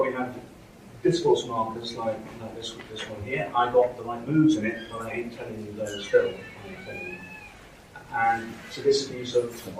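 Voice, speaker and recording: A man's voice: medium pitch, recorded from a distance. Guy giving a uni lecture from across a big echoey hall, faint hiss. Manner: explanatory, checks in with "okay?" and "right?". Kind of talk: university lecture.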